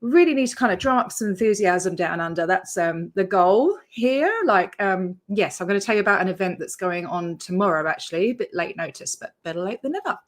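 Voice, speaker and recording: A woman's voice: medium pitch, animated, brisk, hardly any pauses. An Australian woman hosting her own livestream, chatting casually and rambling as she greets her viewers by name. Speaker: YouTube channel host.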